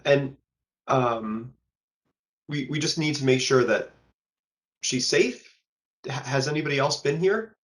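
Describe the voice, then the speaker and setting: A man's voice: mid-range voice, slow, pauses often. A man playing a tabletop game, speaking hesitantly in and out of character, repeating words. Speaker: player.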